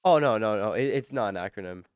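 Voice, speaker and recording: A man's voice: lowish voice, expressive, fast talker, clear, resonant tone, no echo. A man streaming a game live, chatting casually and rambling as he answers viewers' chat while he plays.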